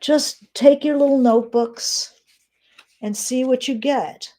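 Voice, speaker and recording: Reading descriptive notes aloud during a live-streamed writing lesson, a middle-aged woman pauses frequently and leans on fillers. She sounds high-pitched, steady and mellow.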